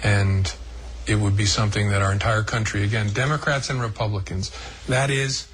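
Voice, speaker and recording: A man giving slow, deliberate answers in a television interview. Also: lowish voice, fairly even intonation, fairly bright tone, husky. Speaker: interviewee in a broadcast clip.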